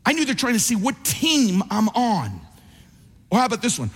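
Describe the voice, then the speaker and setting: A man preaching a sermon as pastor, animated, acting out the voices of people he quotes. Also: sits high, moderate pace, husky. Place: church sanctuary. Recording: church hall reverb.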